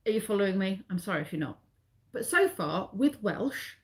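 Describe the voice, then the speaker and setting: A woman's voice: medium pitch, sing-song, normal speed. A middle-aged Englishwoman chatting with her live viewers. She rambles, loops back and corrects herself, and her tone stays friendly and informal. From England. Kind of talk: casual live-stream chat.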